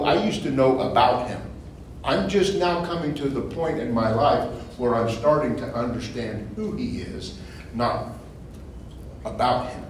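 A man preaching informally to a small group, conversational, repeating phrases and asking rhetorical questions, building to loud emphatic bursts. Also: mid-range voice. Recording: echoey room from far off, faint noise.

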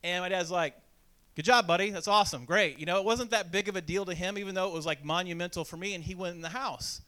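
Man from indiana, preacher, high clear voice, self-deprecating storytelling. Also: fast, bright, forceful tone. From Indiana, USA. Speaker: pastor. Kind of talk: sermon with personal story.

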